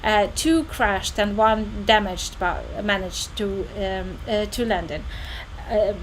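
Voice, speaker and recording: A woman's voice: medium pitch, takes it slowly, a little hiss or hum, low-quality recording. A woman hosting a podcast in English, her second language after Ukrainian, searching for words with many fillers. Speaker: podcast host, interviewer. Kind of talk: casual interview.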